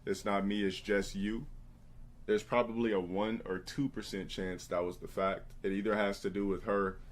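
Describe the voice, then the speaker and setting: Low-voiced, profane male streamer. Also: little pitch movement, moderate pace. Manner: profane and blunt, mimics others in a high put-on voice. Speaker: live streamer. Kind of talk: crude storytelling to a live chat.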